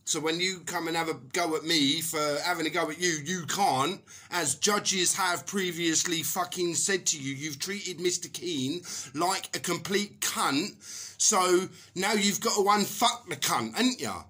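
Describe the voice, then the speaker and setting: A middle-aged man rants furiously to the camera, swearing hard. His voice is sharp and forceful, and he slips into mocking put-on voices as he goes. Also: on the high side, a little slow, slightly rough. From England. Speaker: vlogger. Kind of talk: angry personal rant to camera.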